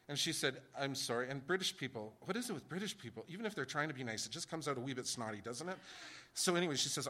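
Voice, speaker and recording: A man preaching in a casual, conversational way, firing rhetorical questions at his listeners. His voice is bright and forward, mid-pitched, and he gets loud when he acts out a story. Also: animated, fast talker. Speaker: pastor. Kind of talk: sermon.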